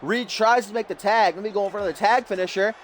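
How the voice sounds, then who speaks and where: A man doing jokey, excitable play-by-play commentary over a wrestling video game, getting loud at the big moments. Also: high voice, quick pace, a little hiss or hum.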